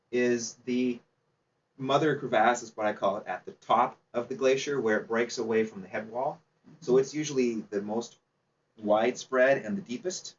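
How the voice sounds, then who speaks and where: Man, chatty seminar presenter quizzing the room; distant, muffled room recording. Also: medium pitch. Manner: chatty, asks the audience questions, laughs easily. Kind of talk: informal slide presentation to a club audience. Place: meeting room. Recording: distant, dull, faint background noise.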